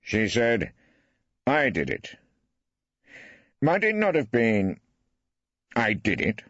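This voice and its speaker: An actor playing an elderly barrister in an audiobook, questioning with arch, ironic politeness. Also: male voice, medium pitch, huge pitch swings, slow pace, a bit bright, no echo, pitched above the performer's own voice, exaggerated voice. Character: wry elderly male barrister, mock-polite. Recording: dry, slightly dull studio.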